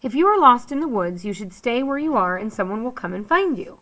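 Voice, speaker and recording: A woman teacher reading a children's novel aloud, lively and expressive, giving each character a voice. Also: fairly high pitch, fairly quick, poor audio. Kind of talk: storybook read-aloud.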